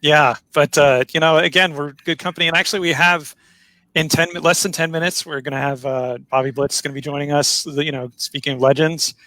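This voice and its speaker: A man hosting a livestream over a video call. He is friendly and joking, and talks in quick bursts. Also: a little high, steady tone, bright, forceful tone, dry recording, low-quality recording. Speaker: host. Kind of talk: livestream talk show hosting.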